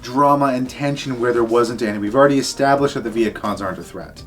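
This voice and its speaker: A man's voice: mid-range voice, fast, music in the background. A man co-hosting a podcast, casually and bluntly criticising an episode with a wry tone. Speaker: podcast co-host.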